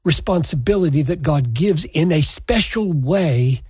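Slow, husky-voiced man preaching. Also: on the high side, lively intonation, a little mellow, no room sound. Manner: slow, earnest, emphatic scripture exposition. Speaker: pastor. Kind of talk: sermon.

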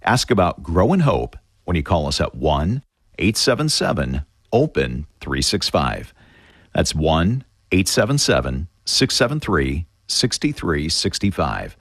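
A man reading a scripted radio program announcement in a friendly, measured way. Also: sits low, husky, no echo, clean studio sound.

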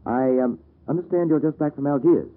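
A man's voice: a little high, a little fast, natural voice. An actor playing a wry, self-assured male lawyer in an old-time radio drama, with a dry, teasing manner. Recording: lo-fi vintage radio recording.

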